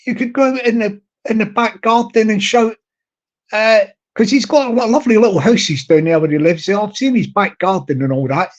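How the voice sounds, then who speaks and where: A man's voice: high-pitched, normal speed. A man hosting a casual chat to his viewers, rambling, repeating words and hunting for the right ones, with frequent chuckles. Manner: chuckles often, jokingly mimics shouted lines. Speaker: YouTube channel host. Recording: dull lo-fi audio.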